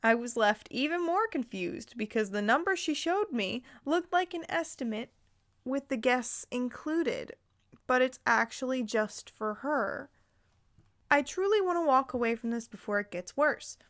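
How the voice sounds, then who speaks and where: Blunt, swearing woman vlogger, high voice. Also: animated, measured pace, fairly bright tone. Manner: blunt, heated, swears freely; casual with fillers. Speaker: commentary vlogger. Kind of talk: reading and reacting to online posts.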